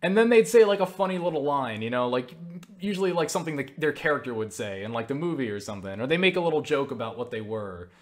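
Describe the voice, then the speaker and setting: A young man with a medium-pitched voice, lively intonation and fast delivery answers viewer questions on his own channel, recorded on a webcam mic. He rambles through stories to camera, full of fillers like "you know" and "like," mocking himself and swearing casually.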